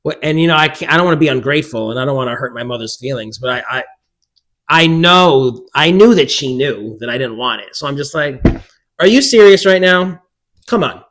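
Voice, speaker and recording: A man chatting to camera about books while alone in a room, animated and self-mocking, breaking into bursts of loud laughter. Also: medium pitch, fairly quick. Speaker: book vlogger. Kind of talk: casual chat to camera.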